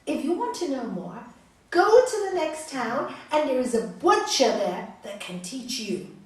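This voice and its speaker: A woman voicing a kind, patient village wife who speaks calmly and firmly, in an echoey hall far from the mic. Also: high voice, unhurried.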